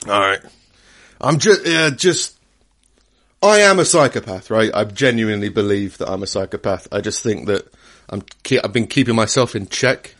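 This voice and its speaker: A young man talks casually on a podcast, rambling with many restarts and laughs. His pitch moves lively. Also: moderate pace. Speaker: podcast co-host. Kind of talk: casual chat.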